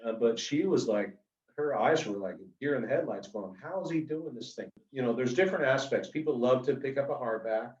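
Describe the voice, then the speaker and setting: A middle-aged man telling anecdotes in a casual, animated way, full of fillers, as an author being interviewed. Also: medium pitch, a little fast. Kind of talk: casual storytelling. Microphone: video call. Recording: roomy, distant, dull video call audio.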